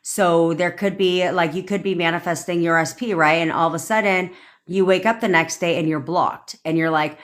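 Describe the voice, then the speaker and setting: A woman's voice: on the low side, steady tone, moderate pace, a bit bright. A woman manifestation coach on a livestream, ranting bluntly with swearing and acting out quoted lines. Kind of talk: livestream rant.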